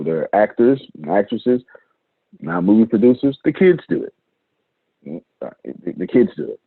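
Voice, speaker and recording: Speaking low and husky, a man leads his team in an online meeting, emphatic and fond of repetition for effect. The video call audio is dry and thin, like a phone call.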